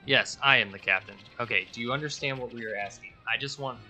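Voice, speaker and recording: A man's voice: medium pitch, quick pace, pushed and bright, faint music behind. A man voicing a bossy male pirate gang leader in a video game, giving commands. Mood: commanding.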